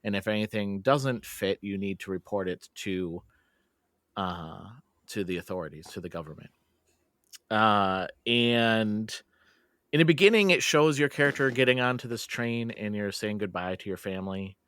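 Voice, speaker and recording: A man's voice: lowish voice, lively intonation, normal speed, a bit bright, smooth, no echo, studio quality. A man hosting a podcast, chatting casually and telling a story with laughs and lots of filler words. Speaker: podcast host.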